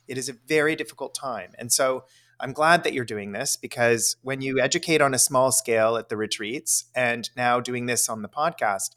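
A man's voice: medium pitch, moderate pace, fairly bright tone. Chatty, enthusiastic man on a podcast. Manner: chatty, enthusiastic, asks leading questions. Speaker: podcast co-host. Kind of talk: casual chat.

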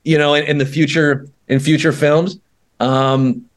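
A man's voice: on the high side, little pitch movement, unhurried. Joking man rambling in podcast chat. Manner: joking, rambling with restarts and laughs. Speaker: podcast co-host. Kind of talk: casual film chat.

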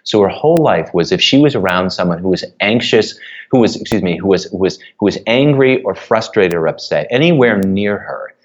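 A man's voice: low-pitched, lively intonation, a little fast, lo-fi sound. A man, an author and guest on a podcast interview, speaking earnestly and getting choked up as he tells a personal story. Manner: earnest, emotional storytelling, choking up.

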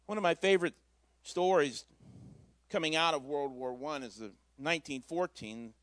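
High-pitched guy preaching in a church, folksy and chatty, dry sound. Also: normal speed, fairly bright tone, no room sound. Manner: conversational storytelling, folksy asides. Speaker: pastor. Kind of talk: sermon.

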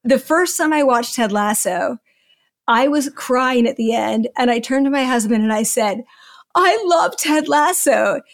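A woman's voice: on the high side, moderate pace. A woman guest in an interview, talking enthusiastically and a little rambling, often laughing between thoughts. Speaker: podcast guest. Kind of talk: conversational interview.

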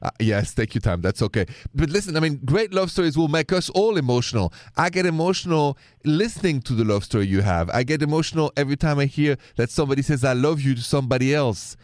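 A man's voice: fairly high pitch, lively intonation, fast, hardly any pauses, darkish tone, dry recording, clean studio sound. A man hosting a late-night radio advice show, earnest and caring, slipping words into his talk. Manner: earnest, sprinkles French words.

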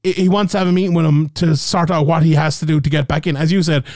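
A man's voice: a little high, steady tone, fast talker, darkish tone, dry recording, clean studio sound. A man co-hosting a casual podcast, ranting animatedly and swearing freely. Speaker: podcast co-host.

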